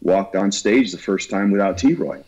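A man, a guest musician, talking earnestly and haltingly about a lost friend in an interview. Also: fairly low pitch, darkish tone, lo-fi sound. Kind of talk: heartfelt interview talk.

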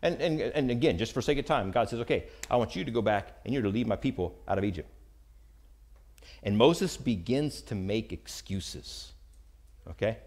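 An American man delivering a sermon to a congregation. His pitch climbs and falls freely, and he breaks into short acted-out lines for the people in the scripture story. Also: moderate pace. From United States. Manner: animated, acts out Bible characters' lines. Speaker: preacher.

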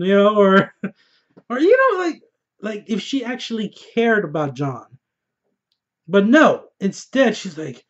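Excitable, swearing man on a muffled recording. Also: high-pitched, unhurried. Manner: excitable, profane, laughs often. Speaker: TV show reviewer. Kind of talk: casual spoiler review vlog.

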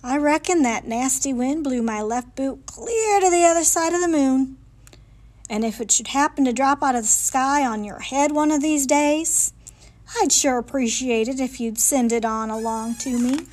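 A woman reading a picture book aloud in a lively, folksy storytelling manner, in a library. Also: sits high, moderate pace.

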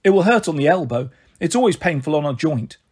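A flamboyant, impulsive young mother, as a man puts her on while reading a storybook. She gushes and pleads in a raised, slightly husky voice, dramatic in every phrase. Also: fairly high pitch, expressive, fairly quick, a little mellow. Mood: gushing, pleading.

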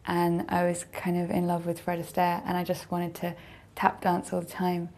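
A young actress giving casual, chatty interview answers. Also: female voice, lowish voice, completely flat delivery, moderate pace, darkish tone.

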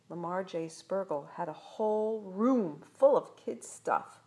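An older woman reading a children's story aloud as a grandmother, with gentle, chatty asides. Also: mid-range voice, slow, few pauses, slightly rough.

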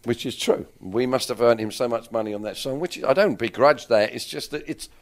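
An English-accented man in his sixties chats through an interview. His voice sits at an ordinary middle pitch, and he rambles frankly, often breaking off to rephrase himself. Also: brisk. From England. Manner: rambling, self-correcting, candid. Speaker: interviewed musician. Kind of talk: casual interview chat.

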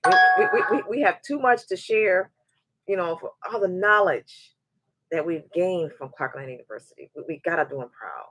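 On a live show, a host in her forties chats and tells a story with real energy, her fairly low, husky voice moving briskly over a dry recording. She keeps restarting sentences and repeating words as she does, and she performs the quoted voices in her tale.

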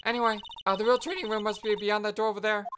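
A woman's voice: medium pitch, level tone, quick pace, noisy background, voice pushed up, close to an everyday voice. A woman reading game dialogue aloud as a bouncy, teasing teenage girl spirit medium. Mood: playful teasing.

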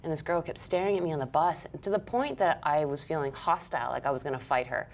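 An actress from Canada chatting casually in an interview, full of "like" fillers and self-deprecating asides. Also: female voice, low-pitched, quick pace, vocal fry, slight background noise.

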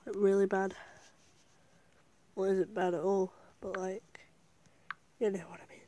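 A woman giving casual, chatty gameplay commentary as a gaming vlogger, thinking aloud and getting excitable. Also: mid-range voice, a little slow.

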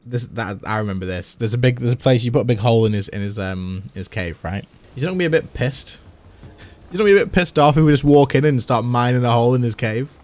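A man's voice: medium pitch, quick pace, darkish tone. A man, chatting casually and laughing as he plays a game on stream. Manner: chatty, laughs often, thinks aloud. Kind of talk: casual gameplay commentary.

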